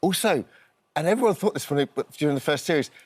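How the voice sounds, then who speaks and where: A man's voice: on the high side, expressive, quick pace. A man co-hosting a casual chat show, asking long, rambling questions. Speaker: TV co-host.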